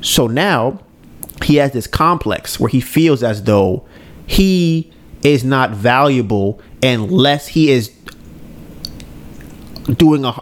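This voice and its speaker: A man co-hosting a podcast who retells an anime plot in casual chat and acts out the characters' lines. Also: medium pitch. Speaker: podcast co-host.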